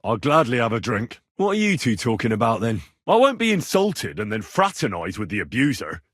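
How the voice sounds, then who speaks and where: An actor playing a wry, plainspoken young medieval commoner hero in a game, sardonic and quick to swear. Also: male voice, mid-range voice, big pitch swings, fairly bright tone, no echo, clean studio sound. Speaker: game protagonist. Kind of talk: game voice lines.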